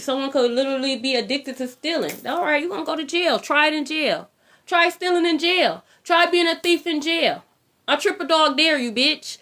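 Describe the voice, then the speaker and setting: Bright high-voiced woman reading tarot. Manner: blunt, profane, repeats herself. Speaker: tarot reader.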